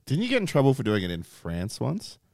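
A man co-hosting a podcast, firing quick, probing questions in casual chat. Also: mid-range voice, huge pitch swings, gravelly, darkish tone, no echo, clean studio sound. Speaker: podcast co-host.

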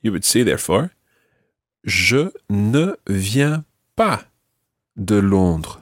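A man teaching a French lesson, patiently modelling each phrase slowly and clearly for a learner. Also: on the low side, sing-song, dry recording, studio quality.

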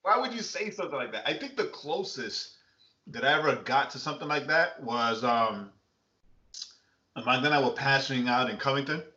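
A man who is a pastor chatting casually on a podcast, animated, laughing often and acting out quotes. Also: mid-range voice, a little fast. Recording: echoey room, dull lo-fi sound.

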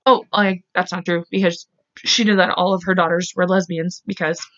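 A woman's voice: lowish voice, flat delivery, normal speed. A woman hosting a true crime podcast, telling the case casually and bluntly, full of "like" and "um". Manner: chatty, heavy use of "like" and "um"; openly emotional and blunt. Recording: slightly dull, lo-fi sound.

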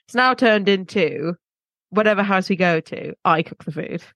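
A woman's voice: medium pitch, animated, a little slow, a bit bright, no echo. A woman co-hosting a podcast in casual, rambling chat, poking fun at herself. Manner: chatty, self-mocking, rambling asides. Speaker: podcast co-host.

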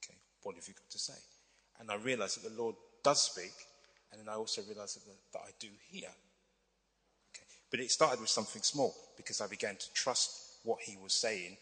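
A man's voice: lowish voice, fairly quick, sharp tone. A man preaching a sermon, teaching step by step and checking in with the audience with "okay" and "right". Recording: long hall reverb.

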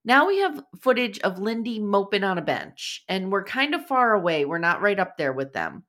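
A woman's voice: medium pitch, sing-song, normal speed, fairly bright tone. A woman hosting a casual podcast chat, sarcastic and blunt, swearing freely as she recaps a show.

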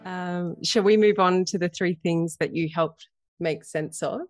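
A woman hosting an interview, speaking in a gentle, measured and supportive way. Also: on the low side, steady tone, no room sound, soft background music. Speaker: podcast host. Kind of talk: interview conversation.

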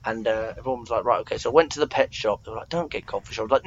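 A man's voice: mid-range voice, rapid-fire, highs cut off. Chatty young English man telling stories. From England. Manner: chatty storyteller, lots of fillers and self-mocking asides. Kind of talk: casual chat.

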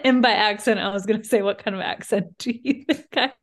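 Chatting on a casual podcast she co-hosts, this young woman from Virginia laughs frequently and says "like" constantly, her Southern accent faint. She has a fairly high voice and talks at a normal pace.

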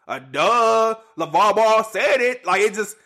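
A man with hosting a casual solo sports podcast, rambling and animated, repeating himself in slangy talk. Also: sits high, measured pace. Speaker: podcast host.

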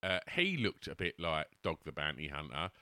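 A man's voice: rumbling low, wildly swooping pitch, moderate pace, sharp tone, no room sound, studio quality. A man co-hosting a podcast, telling stories with many stammered restarts. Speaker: podcast co-host. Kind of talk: casual comedic chat.

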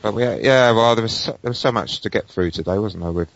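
Low-voiced man trading dry jokes. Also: quick pace, vocal fry, no room sound. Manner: dry joking banter. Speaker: podcast co-host. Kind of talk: casual banter. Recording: dull lo-fi home recording.

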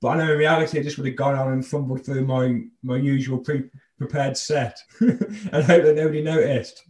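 A man's voice: mid-range voice, fairly even intonation, moderate pace, darkish tone. A man, a comedian, chatting casually on a podcast and laughing often. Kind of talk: casual chat.

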